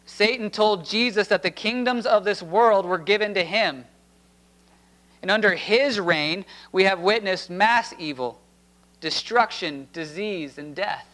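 Male pastor, higher voice, unhurried deliberate preaching delivery. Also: pushed and bright, poor audio. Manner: slow, deliberate preaching cadence. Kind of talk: sermon with scripture reading.

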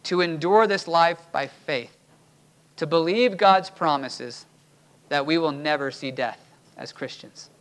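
A man's voice: on the high side, unhurried, fairly bright tone. A man preaching a sermon from the pulpit as pastor of a church, emphatic and urging his listeners. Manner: emphatic, rising to urgent exhortation.

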